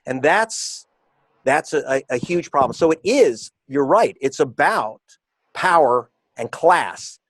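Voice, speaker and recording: A man being interviewed as an author and reporter, talking in an emphatic, combative way and slowing down to stress his points. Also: fairly high pitch, animated, no echo. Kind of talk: interview guest.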